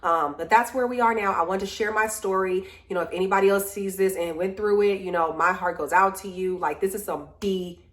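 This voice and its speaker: Tired woman vlogger, chatty and animated, complaining straight into a home camera. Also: mid-range voice, slight background noise. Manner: animated storytelling, venting, drawn-out complaints. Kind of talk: casual chat to camera.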